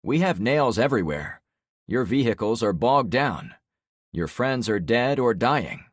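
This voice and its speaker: A man voicing a steady male survivor hero who answers with level, dry retorts. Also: mid-range voice, unhurried, husky, no echo, pitched above the performer's own voice. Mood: defiant.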